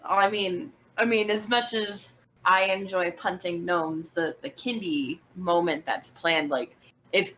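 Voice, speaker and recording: A woman's voice: on the low side, slow pace, pushed and bright, slight background noise, low-quality recording. A woman guest chatting casually over a call, eager but hesitant, often restarting her sentences.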